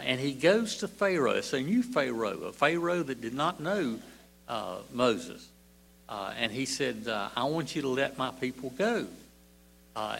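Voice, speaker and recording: Gravelly older man preaching haltingly. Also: mid-range voice, a bit bright, slight background noise. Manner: slow and halting, many "uh" fillers and repeated words. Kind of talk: sermon.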